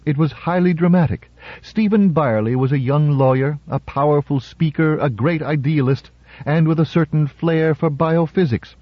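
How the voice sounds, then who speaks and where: A male narrator reading a story in a measured, dramatic way. The sound is dry and close, with a slightly muffled, dull tone. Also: fairly high pitch, dry recording. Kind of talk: audiobook narration. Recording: slightly muffled audiobook recording.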